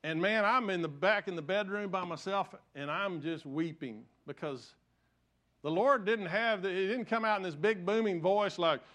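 An older man preaching a sermon, telling stories with self-deprecating humor and swinging from loud emphasis to soft, hushed lines. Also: high-pitched, moderate pace. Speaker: pastor.

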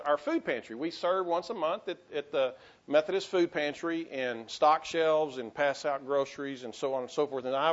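Impassioned pastor preaching, muffled recording. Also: male voice, on the high side. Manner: impassioned preaching with many restarts and rising calls to the congregation. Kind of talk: sermon. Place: church sanctuary.

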